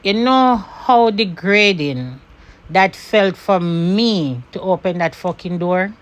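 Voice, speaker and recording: A Jamaican woman from Jamaica telling a personal story to camera in an animated way. She swears and slips into patois when she is angry. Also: medium pitch, slow pace.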